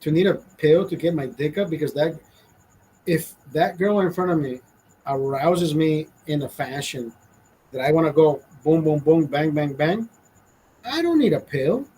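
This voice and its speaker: A man's voice: fairly high pitch, steady tone, moderate pace, warm tone, a little hiss or hum, poor audio. A man in his forties from Honduras with a Honduran accent, delivering a blunt, profane, indignant rant to camera. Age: 40s. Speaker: vlogger. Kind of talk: casual ranting monologue.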